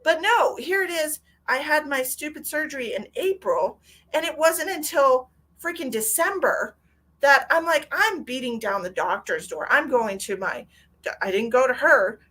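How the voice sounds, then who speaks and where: A fairly high, somewhat bright female voice belongs to a middle-aged psychic medium running a casual livestream. She shares candidly and emotionally, doesn't hold back on swearing, and reads viewer comments out loud.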